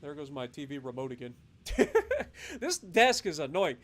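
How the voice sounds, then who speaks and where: A man commenting on his own live gameplay stream, his voice sitting high for a man. He talks casually, then flares into loud, cursing rants at the game. A faint background hiss runs under the recording. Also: big pitch swings, normal speed. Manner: profane, swings into loud ranting. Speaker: gaming livestreamer.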